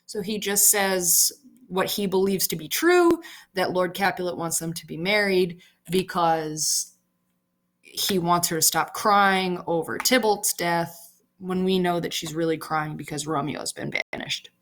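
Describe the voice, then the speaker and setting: A woman's voice: on the low side, a little slow. A young woman teaching a casual literature lesson. She explains the scene in a chatty way and uses slang.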